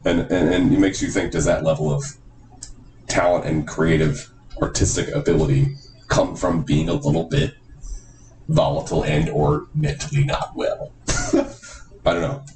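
A man co-hosting a podcast in casual chat, rambling, animated and swearing freely. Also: rumbling low, unhurried, pauses often. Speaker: podcast co-host. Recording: echoey room, far from mic, noisy.

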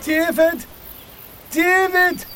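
Geordie farm wife, high-pitched, sing-song, theatrical, radio soap parody. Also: male voice, big pitch swings, a little slow, loud music behind the voice. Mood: calling. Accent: Newcastle, put on. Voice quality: exaggerated, theatrical.

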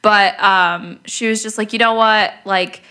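A young woman co-hosting a casual podcast chat, telling an animated story and swearing freely. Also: mid-range voice, a little slow, smooth. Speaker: podcast co-host.

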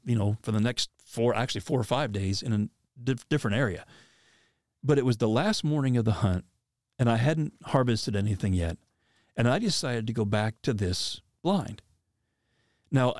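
A man telling a personal hunting story in a casual, animated way, often restarting and acting out quotes. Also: medium pitch, dry recording, studio quality.

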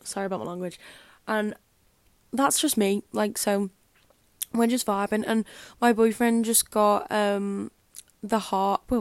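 A woman's voice: medium pitch, dry recording. A young woman hosting her podcast, chatting casually and rambling with lots of "like" and "um". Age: young adult. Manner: chatty and rambling, fills speech with "like" and "um". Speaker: podcast host. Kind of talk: casual solo podcast chat.

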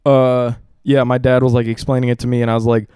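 Young male podcast host, swears freely, acts out the people in his stories, smooth voice, dry close mic. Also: mid-range voice, flat delivery, fast, darkish tone, dry recording. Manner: profane storyteller, quotes people in voices. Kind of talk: casual comedic chat.

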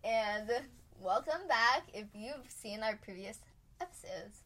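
A woman's voice: on the high side, expressive, slow, sharp tone. A young American woman co-hosting a podcast, chatting casually and rambling through stories with lots of "like". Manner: chatty, rambling storyteller with frequent "like". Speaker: podcast co-host. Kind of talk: casual chat.

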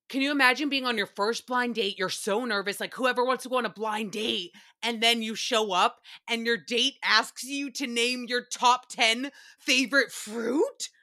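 A young woman with a bright, slightly high voice hosts a casual recap chat. She talks in an animated, sarcastic way and swears freely. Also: unhurried. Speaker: podcast host recapping reality TV.

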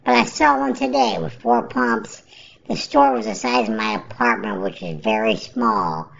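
Gravelly woman ranting in a lo-fi vlog. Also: a little high, sing-song, a little slow. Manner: rambling and repetitive, indignant complaining. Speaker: vlogger. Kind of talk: casual rant to camera. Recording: dull lo-fi recording.

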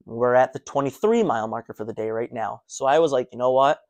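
A man telling his own running story in a casual, animated way, restarting sentences as he goes. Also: medium pitch, fast talker. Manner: animated, breathless recounting with restarts.

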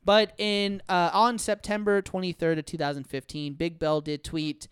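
A man's voice: sits high, little pitch movement, moderate pace, fairly bright tone, clear, resonant tone, dry recording, clean studio sound. A man hosting a casual podcast chat, rambling with lots of fillers and frequent laughs. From United States. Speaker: podcast host.

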